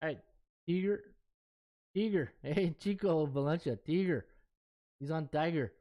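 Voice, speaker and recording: A man's voice: fairly high pitch, unhurried, muffled recording. A middle-aged man, a sports betting handicapper chatting casually on a live stream and thinking aloud as he scrolls through stats.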